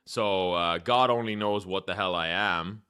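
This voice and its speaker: Young man, casual streamer chat, low pitch, clear resonant tone, desk mic, typing behind. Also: unhurried. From Ireland. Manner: laid-back, reads chat aloud, thinks out loud. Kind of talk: casual live-stream chat while playing chess.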